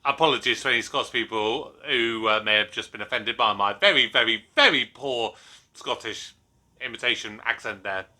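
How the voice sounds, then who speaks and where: A man's voice: medium pitch, animated, moderate pace, pushed and bright. A man hosting a reaction video, chatting casually and commenting on the clips he watches. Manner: chatty and apologetic, laughs along.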